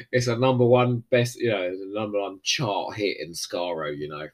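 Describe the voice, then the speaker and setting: A man chatting on a podcast with a lively, bouncing pitch. He sounds playful and laughs easily. His voice is a little worn and hoarse. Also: unhurried. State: losing his voice. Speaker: podcast co-host. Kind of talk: casual commentary chat.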